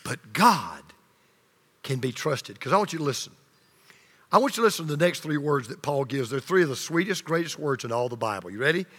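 Male pastor preaching in a big church hall, high ringing voice, gets loud then drops real quiet. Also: lively intonation, fast talker. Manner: dynamic preaching, swinging from loud emphasis to hushed low lines; leads the congregation in call and response. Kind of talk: sermon. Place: church sanctuary. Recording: long reverb of a large hall.

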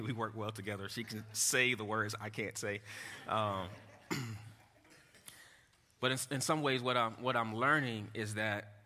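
A man preaching a sermon to his congregation in an earnest, halting way, often restarting and turning to the room with asides. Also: fairly low pitch, bright, forceful tone. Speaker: pastor. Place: church hall. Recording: echoey hall.

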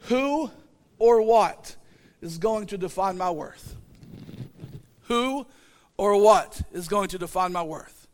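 A man preaching a sermon, animated and emphatic, full of repeated rhetorical questions and rising to shouts. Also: high voice, takes it slowly, pauses often. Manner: animated, acting out the disciples' voices, rising to shouts.

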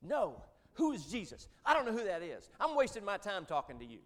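A man's voice: high-pitched, wildly swooping pitch, fairly quick, pitched above the performer's own voice. A man acting out a furious elderly male professor who screams at the top of his lungs in outrage. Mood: enraged. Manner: shouting, outraged.

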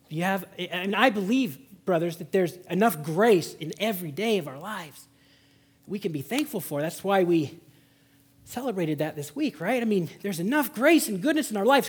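A man with a high, husky voice preaches a Sunday sermon in church. He swings from loud, urgent exhortation to hushed, close emphasis on the points that matter most. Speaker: pastor. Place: church service.

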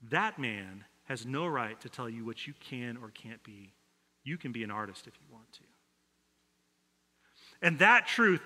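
A man preaching a sermon as pastor, telling a story in a conversational way and dropping his voice soft when he quotes people. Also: fairly high pitch. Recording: long reverb of a large hall.

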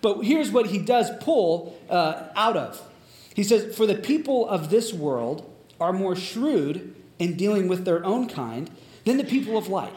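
High-voiced preacher in an echoey room. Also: male voice, very animated, a little slow, a little mellow. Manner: conversational, storytelling, many fillers. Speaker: pastor. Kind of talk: sermon.

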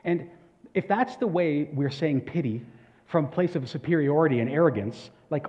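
A man's voice: a little high, lively intonation, brisk. A man preaching a sermon as pastor, earnest and conversational, with asides and questions to the congregation. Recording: echoey hall, dull lo-fi sound.

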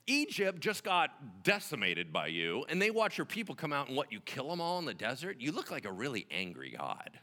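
Guy preaching, acts out the dialogue, higher pitch, reverby hall. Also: fairly quick, few pauses. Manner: animated storytelling, acting out dialogue. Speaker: pastor. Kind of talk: sermon.

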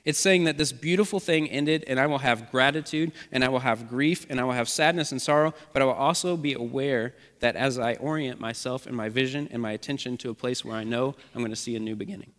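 A man's voice: mid-range voice, quick pace, few pauses, fairly bright tone. Man preaching in a reverberant church. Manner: earnest, repetitive preaching cadence. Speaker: pastor. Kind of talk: sermon.

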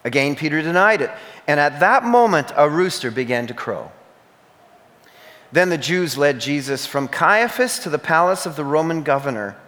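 A man reading scripture aloud at a church service, measured and expressive, in a church sanctuary. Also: fairly high pitch. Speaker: scripture reader. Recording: reverberant church hall.

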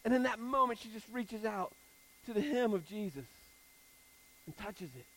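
A man preaching a sermon in a casual, animated style, repeating phrases for emphasis. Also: high-pitched, moderate pace, poor audio.

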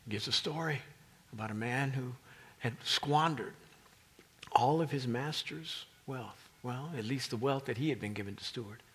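A man's voice: mid-range voice, normal speed, a bit bright. A male pastor preaching a sermon as a dramatic storyteller, often dropping into whispers for emphasis.

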